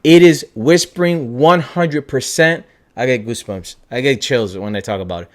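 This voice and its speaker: A young man hosts a loose, casual chat, getting worked up easily and swearing freely. His voice sits at an ordinary middle pitch, and his sentences often trail off as he talks. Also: normal speed. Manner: excitable, swears a lot, trails off. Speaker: podcast host.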